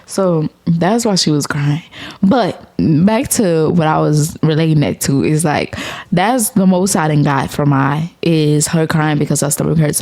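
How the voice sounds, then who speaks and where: A young woman hosting a podcast, telling a story to her listeners in a loose, profane, animated way, with frequent laughter. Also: low-pitched. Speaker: podcast host. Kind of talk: casual storytelling to viewers.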